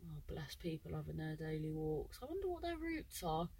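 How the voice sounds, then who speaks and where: A woman's voice: low voice, big pitch swings, moderate pace, warm tone, a little hiss or hum, poor audio. A woman comedian from England chatting on her podcast in a rambling, self-interrupting way, recorded in her car. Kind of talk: rambling casual monologue.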